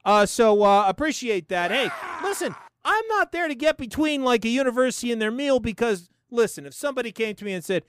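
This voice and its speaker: A man's voice: high-pitched, fairly quick, no echo, clean studio sound. A middle-aged man hosting a podcast, riffing through sarcastic comedic commentary with frequent laughs. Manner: animated, sarcastic, laughs often. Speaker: podcast host.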